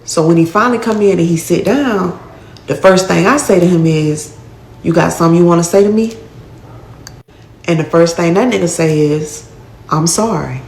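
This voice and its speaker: A woman's voice: fairly low pitch, moderate pace, echoey room. A woman telling her own life story in casual, blunt street talk, acting out what people said. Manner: blunt, profane street talk with acted-out quotes. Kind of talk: casual first-person storytelling.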